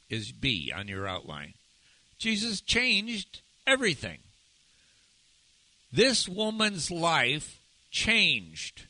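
Slow, bright-voiced male preacher. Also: fairly high pitch, no echo, low-quality recording. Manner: asks the audience many rhetorical questions. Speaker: pastor. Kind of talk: sermon.

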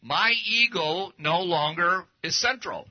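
A man's voice: high voice, lively intonation, takes it slowly. A man preaching a casual teaching sermon, folksy and anecdotal, talking through slides as he goes. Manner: folksy, anecdotal, speaks while showing slides. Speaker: pastor. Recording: dull lo-fi recording.

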